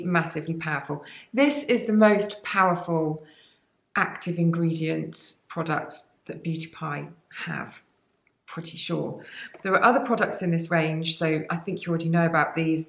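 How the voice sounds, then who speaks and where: A woman's voice: on the low side, reverberant. A woman, a beauty vlogger, chatting to camera about products with enthusiasm and rambling, cheeky asides. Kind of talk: sponsored product chat to camera.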